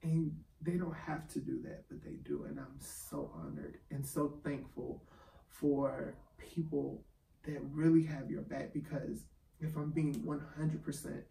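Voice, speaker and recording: Emotional guy talking from the heart, kinda high, gravelly voice, roomy echo. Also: expressive, unhurried, mellow. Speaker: podcast co-host. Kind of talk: casual chat. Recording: echoey room, mic at a distance, faint ambient noise.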